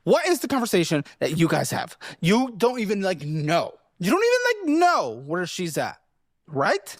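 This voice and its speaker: A man's voice: on the high side, huge pitch swings, normal speed, no echo, clean studio sound. A man hosting a show that gives financial advice, grilling a guest bluntly with exasperated insults. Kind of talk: confrontational interview.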